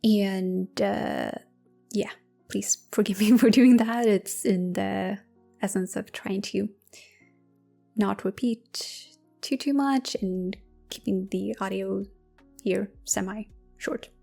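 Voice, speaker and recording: Slow, soft-spoken ASMR woman. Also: medium pitch, gravelly, soft background music. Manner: slow, intimate, drifting into whispers with soft laughs. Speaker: ASMR creator.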